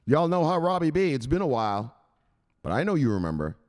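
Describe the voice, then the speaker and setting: A man plays a cool, laid-back guy with swagger, soothing a panicking friend in easy slang. The voice swings widely between high and low. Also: big pitch swings, brisk, darkish tone, long reverb tail.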